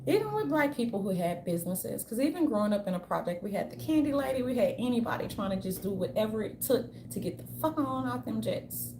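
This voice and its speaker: Talking fast with few pauses, a woman vlogger with a high, sing-song, mellow voice vents her opinions bluntly and profanely, rambling and restarting often. The audio carries a little hiss or hum, a roomy echo, and faint ambience.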